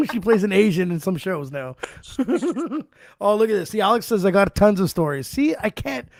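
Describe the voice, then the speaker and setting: A man's voice: high voice, sing-song, normal speed, vocal fry, dry recording, studio quality. A man in his forties hosting a podcast, telling loose stories in casual chat, swearing often and laughing between lines. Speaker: podcast host.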